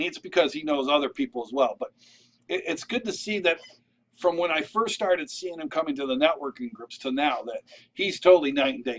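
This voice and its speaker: A man with a slightly high voice talks in a loose, conversational way, full of asides. He keeps checking in with his listeners as he gives practical tips. The recording sounds a little dull and lo-fi. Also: a bit bright. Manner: conversational, checks in with "all right?"; loose and rambling, with restarts and asides. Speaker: vlogger giving networking tips. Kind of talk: casual advice talk to camera.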